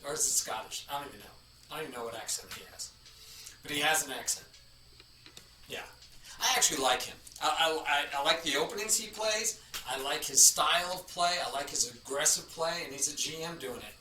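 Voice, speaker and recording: A man streaming chess chats casually and rambles while greeting chatters by name, his voice on the high side, brisk and sharp. He is recorded from a distance in an echoey room, with a little hiss or hum.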